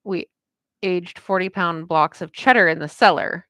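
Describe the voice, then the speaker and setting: A woman chats casually as she draws on a livestream, rambling from one thought to the next with plenty of filler words and easy laughter. Her voice sits on the low side. The sound is dry and close, with no room echo. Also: moderate pace, fairly bright tone. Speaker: comic artist streaming her work. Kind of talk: casual chat while drawing on a livestream.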